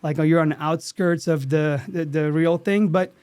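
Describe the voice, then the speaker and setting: Earnest man telling a story, slightly high voice. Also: normal speed, clean tone, dry recording. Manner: earnest, animated, many restarts. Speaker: actor guest. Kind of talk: casual interview storytelling.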